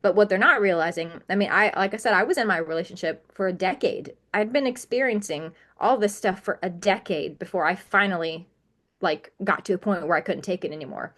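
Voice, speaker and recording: A woman speaks as an interview guest at a steady, middle pitch. She is earnest and emphatic and stacks up repeated words to drive her points home. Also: a little fast. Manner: earnest and emphatic, piling up repetitions. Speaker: podcast guest. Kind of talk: candid interview conversation.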